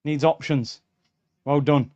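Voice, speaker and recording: A young man, voice sitting a bit high, streaming a live football watchalong. He reacts indignantly and talks straight to his viewers, calling them lads and bro. The voice is close and clear on a streaming mic. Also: steady tone, slow pace, warm tone, dull audio. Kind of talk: live match watchalong commentary.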